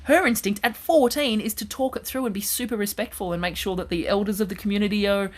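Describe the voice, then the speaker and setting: A woman, a guest comedian telling animated stories in casual chat on a radio show. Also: mid-range voice, fast talker. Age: 40s. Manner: animated, chatty anecdote telling. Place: radio studio.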